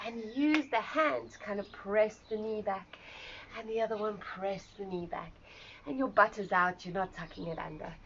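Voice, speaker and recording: A woman guides a live online pilates session, calling out each movement in a warm, encouraging way and slipping in joking asides. Her voice sits at an ordinary pitch. The recording sounds a little muffled, with a faint background hiss. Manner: chatty, encouraging cues with self-deprecating asides. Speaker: pilates instructor. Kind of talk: live online exercise class instruction. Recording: slightly dull sound with faint ambient noise.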